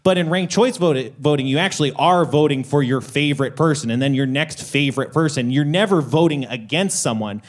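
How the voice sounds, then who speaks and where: A man talking casually on a podcast, calm and steady as he explains a point. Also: fairly high pitch, a little fast, few pauses.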